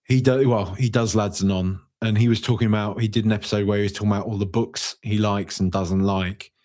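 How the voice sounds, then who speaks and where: A man hosting a fan podcast, reading out viewer comments in a jokey, rambling way with sudden high-pitched outbursts. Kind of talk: casual live-stream chat.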